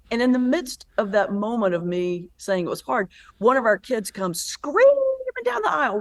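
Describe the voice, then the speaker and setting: A woman's voice: fairly high pitch, normal speed, hardly any pauses. A woman pastor and comedian, a guest in a conversational interview, telling stories and acting out the voices in them. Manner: lively storyteller who acts out quoted voices.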